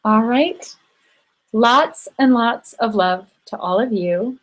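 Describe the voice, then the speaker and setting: A woman's voice: on the high side, slow pace, poor audio. Affectionate woman hosting a circle. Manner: affectionate, encouraging, with frequent ums. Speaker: host of an online women's circle. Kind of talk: warm closing remarks to a live online group.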